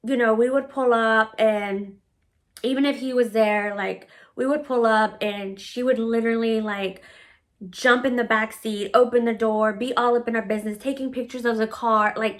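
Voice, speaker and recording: A woman's voice: on the high side, fairly even intonation, normal speed, a bit bright. A woman vlogger telling a personal story bluntly, swearing freely and saying "like" often. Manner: blunt, profane, with frequent "like" fillers. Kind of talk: storytime vlog.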